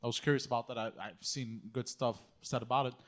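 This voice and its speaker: A man's voice: medium pitch, steady tone, fast talker. A man talking in a casual podcast chat, hesitant and stammering, laughing things off.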